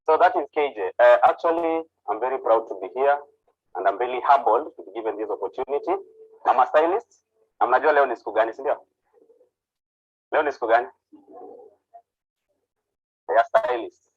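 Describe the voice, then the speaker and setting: A Kenyan man with a husky voice talks casually about his work, dropping in Swahili phrases and filler uhs. The recording is dry and slightly dull, with no room sound. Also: mid-range voice, very animated, a little fast, no echo. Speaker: hairstylist sharing his story. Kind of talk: personal testimony speech.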